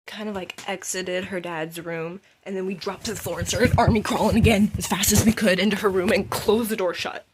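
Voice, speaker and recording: A young adult woman telling a story casually in an animated way, acting out the scenes and saying "like" often. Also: mid-range voice, a little fast, hardly any pauses, crowd noise.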